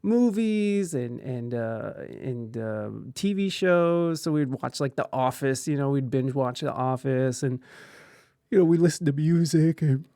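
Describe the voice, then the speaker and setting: A man's voice: medium pitch, lively intonation, measured pace, warm tone, no echo, studio quality. A man hosting a podcast, casually telling a candid personal story with frequent swearing and laughter. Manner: candid, profane, laughs often through the story. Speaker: podcast host.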